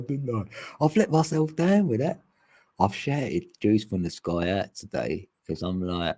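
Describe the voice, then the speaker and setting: A man talks casually with his online group, wandering from thought to thought and laughing often. His voice sits a little low and sounds mellow and husky. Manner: rambling and chatty, laughs often. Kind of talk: casual chat.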